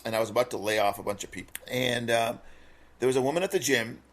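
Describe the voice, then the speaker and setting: A man who grew up in Minnesota, co-hosting a podcast and telling a personal story in an earnest, halting way with many fillers. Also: mid-range voice. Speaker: podcast co-host. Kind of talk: casual podcast chat.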